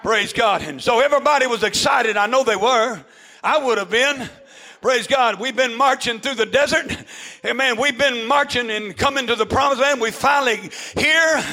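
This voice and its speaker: A male pastor, preaching a fervent shouted sermon to his congregation, peppered with "amen" and "uh". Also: extremely high pitch, normal speed, poor audio. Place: church with congregation.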